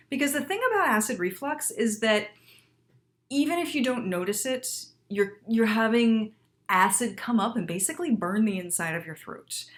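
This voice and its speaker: A woman in her thirties teaching singers in a casual video lesson, emphatic and lively, often checking in with "right?". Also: mid-range voice.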